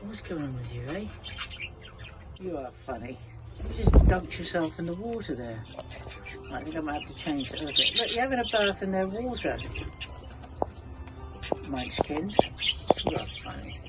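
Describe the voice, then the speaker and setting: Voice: medium pitch, big pitch swings, brisk, loud music behind the voice. A bird keeper chatting casually in a vlog, coaxing the budgies in a fond baby-talk tone. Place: outdoor aviary on a windy day. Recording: loud wind noise outdoors. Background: budgies chirping.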